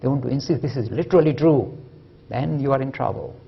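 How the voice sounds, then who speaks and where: A male lecturer giving a public lecture, telling stories and jokes in an animated way and acting out the quotes. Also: mid-range voice, fast, vocal fry, husky, lo-fi sound. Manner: animated, joking, acts out quotes. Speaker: lecturer on religion and science. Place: lecture hall at a university.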